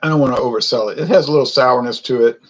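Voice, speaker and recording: A man's voice: mid-range voice, rapid-fire, noisy background. A man from Louisiana giving a casual, rambling beer review to viewers in a wry, self-correcting way. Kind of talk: casual solo livestream chat.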